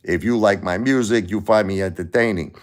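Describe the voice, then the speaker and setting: A middle-aged man with a Brooklyn accent chats on a casual livestream in a very low, deep voice. He rambles bluntly from one story to the next and swears freely. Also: a little fast. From Brooklyn, New York. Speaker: livestream host and musician.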